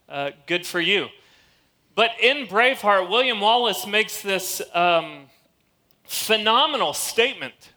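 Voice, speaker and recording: A male preacher with a high, ringing voice delivers an energetic sermon in an outdoor ballpark stadium. He talks emphatically and slows down to repeat his key points. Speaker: campus ministry preacher.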